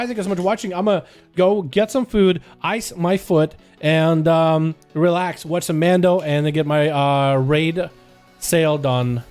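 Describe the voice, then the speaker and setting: A man with a fairly high voice streams live, calling plays and chatting with his viewers. He talks in a loose, slangy way, calling people dude and man. Faint music plays behind him. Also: darkish tone. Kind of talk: live game commentary and casual chat with viewers.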